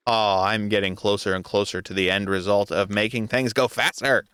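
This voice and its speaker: A man's voice: fairly low pitch, steady tone, moderate pace, a bit bright, clean tone, no echo. A young adult man giving casual gameplay commentary, talking to himself in an exasperated, joking way. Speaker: gaming video creator.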